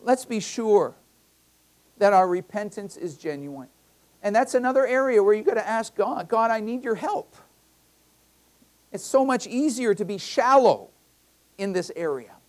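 This pastor's high voice is animated and moves at a normal speed. He preaches conversationally in a church, weaving in personal stories and stressing key phrases through emphatic repetition.

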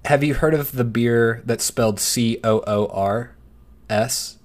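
Young male podcast co-host, mid pitch, playful and giggly, reads items aloud. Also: a little slow. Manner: laughs often, playful teasing. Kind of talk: casual chat.

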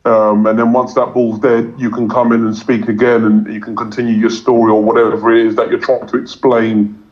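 A man talks in a casual interview, his voice level and steady with little rise or fall. He rambles, stumbling over repeated words and fillers. The recording sounds dull and lo-fi. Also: medium pitch, a little fast. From England. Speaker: cricket commentator guest.

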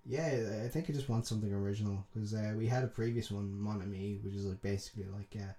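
A man's voice: on the low side, fairly even intonation, fast, mellow. A young man with a Dublin accent, co-hosting a podcast in loose, rambling, sweary chat. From Dublin, Ireland. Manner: rambling, sweary, laughs a lot. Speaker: podcast co-host. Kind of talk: casual chat.

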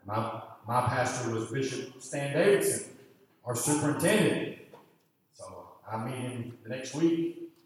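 A man preaching a sermon, telling a story from his youth and acting out his own grumbling thoughts with sudden jumps and quiet mutters. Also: medium pitch, measured pace, long pauses. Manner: drops to a muttering hush for inner grumbling. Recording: echoey hall, voice from far off, faint ambience.

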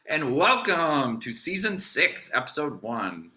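Bright, upbeat man hosting a podcast. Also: a little high, big pitch swings, slow. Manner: enthusiastic, storytelling, laughs easily. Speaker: podcast host. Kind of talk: casual podcast chat.

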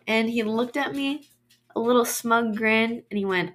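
A woman's voice: a little high, a little slow. A woman hosting her own podcast, explaining astrology in a chatty monologue and telling personal stories in loose, trailing phrases.

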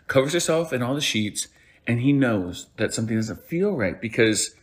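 With an expressive, medium-pitched voice at an ordinary pace, this male podcast host relates a folk tale. His storytelling is casual, meandering and playful, and he keeps fixing his own wording.

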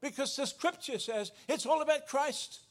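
A man's voice: extremely high pitch, moderate pace. A man preaching a sermon as pastor, earnest, often restarting and correcting himself.

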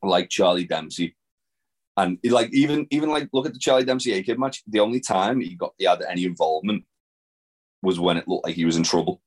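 In a low voice at a slightly fast clip, a man co-hosts a podcast recapping wrestling. His casual, rambling review is full of fillers and free swearing.

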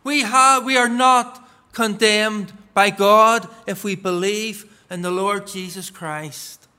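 A man preaching a sermon in a strikingly high, bright voice. He speaks slowly and deliberately, stressing key words as he reads scripture passages aloud and explains them. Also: steady tone, clean tone. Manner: measured, emphatic delivery that stresses key words.

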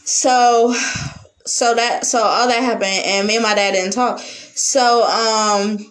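A woman on a podcast telling a personal story in a blunt, animated, casual way, with Southern US slang. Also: fairly high pitch, takes it slowly, rough recording. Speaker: podcast guest.

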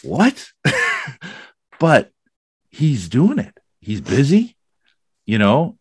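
A man's voice: medium pitch, huge pitch swings, slow pace, a little mellow, husky, dry recording, studio quality. A man hosting a podcast, chatting casually and rambling with many fillers. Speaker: podcast host. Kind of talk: casual conversation.

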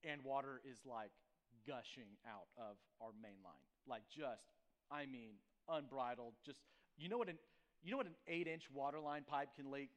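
A man's voice: mid-range voice, moderate pace. A man preaching and praying as a pastor, then telling a casual, self-mocking story with lots of fillers. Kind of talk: sermon with prayer and personal story. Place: church sanctuary.

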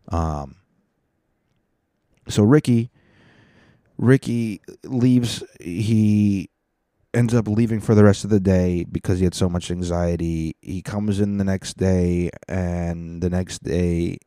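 Young guy riffing on his podcast, deep mellow voice, dry close sound, swears a lot. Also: slow, clean tone, dry recording. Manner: profane, rambling, self-mocking. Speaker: podcast host. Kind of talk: casual comedic monologue.

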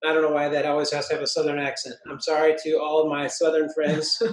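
A man with a notably high speaking voice talks through an idea on a church podcast, full of restarts and asides, drawing out quoted scripture slowly. His voice rings around a roomy, echoey space. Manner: animated, thinks aloud with restarts, quotes scripture in slow emphasis. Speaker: pastor co-host of a church podcast. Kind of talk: casual podcast discussion. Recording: roomy echo.

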